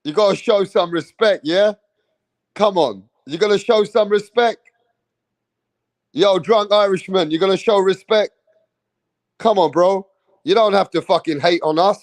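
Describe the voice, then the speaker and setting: A man's voice: high-pitched, measured pace, long pauses. A man hosting a boxing channel, talking casually and chiding viewers in street slang. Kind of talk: casual livestream rant.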